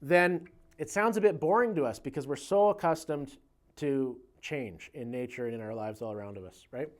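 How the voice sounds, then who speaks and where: A man giving a casual guitar lesson in a relaxed, conversational way, counting beats aloud as he explains. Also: mid-range voice, moderate pace. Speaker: guitar teacher. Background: guitar playing.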